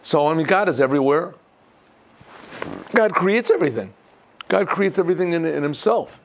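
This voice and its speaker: A rabbi teaches an informal Torah class in a gravelly, raised voice. He clears his throat often and trips over restarts as he works his thoughts out aloud. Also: fairly high pitch, animated, moderate pace, slight background noise.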